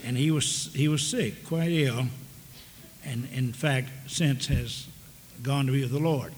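An older man preaching a storytelling sermon in a folksy, halting way, full of restarts. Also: mid-range voice. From American South. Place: large church hall with audience. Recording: long reverb of a big hall, faint background noise.

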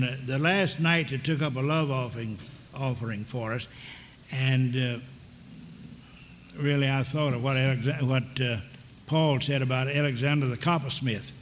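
An older man preaching a storytelling sermon in a folksy, halting way, full of restarts. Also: medium pitch. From American South. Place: large church hall with audience. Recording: long reverb of a big hall, faint background noise.

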